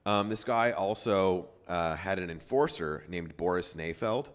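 A man's voice: low voice, unhurried. A man hosting a podcast, telling a story in loose casual chat with lots of fillers and swearing. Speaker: podcast host.

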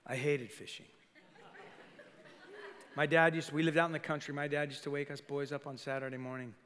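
Pastor guy preaching live, voice a bit high, long church reverb, acts out voices. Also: a little fast. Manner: animated, acts out quoted voices, asks the crowd questions. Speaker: senior pastor. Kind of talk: sermon. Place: church sanctuary.

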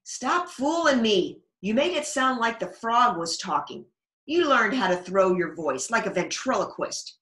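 A woman's voice: on the high side, sing-song, measured pace, fairly bright tone, voice pushed up. A woman voicing a skeptical, bossy young girl in a storybook reading. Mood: eager. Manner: skeptical, pleading. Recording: echoey room.

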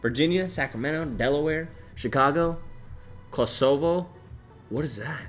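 At a moderate pace and a slightly high pitch, a young man in his twenties works through viewer comments on his live stream. He's animated, swears here and there, and gives shout-outs to chat names and places over faint background music.

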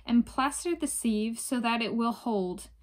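A woman voicing a calm spirit of a well who gives steady instructions in a slow, fairly high voice. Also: close to an everyday voice. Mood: instructing. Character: mysterious female spirit of the well.

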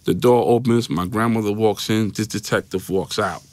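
On a studio mic in a podcast studio with no room sound, a New York man speaks at normal speed in a lowish, steady voice. As an interview guest he recounts a personal story loosely and repetitively, voicing the people in it and often saying "right?".

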